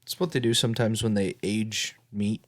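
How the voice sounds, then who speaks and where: A man's voice: on the low side, fairly even intonation, normal speed, slight background noise. A young man on a podcast with friends, chatting casually and explaining things plainly. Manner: matter-of-fact, explaining. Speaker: podcast co-host. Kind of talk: casual chat among friends.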